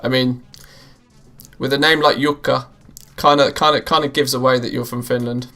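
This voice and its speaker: A man's voice: medium pitch, fairly even intonation, moderate pace, sharp tone, faint music behind. A British man hosting a live gaming stream, chatting casually with viewers and laughing often. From England, near Liverpool. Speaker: livestream gamer host.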